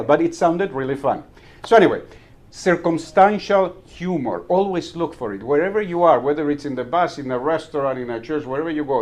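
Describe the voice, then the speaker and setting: A man giving a humorous speech at a club meeting. He tells stories and chuckles at his own punchlines. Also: on the high side. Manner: storytelling, chuckles at own jokes, repeats words when restarting. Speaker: Toastmasters club speaker.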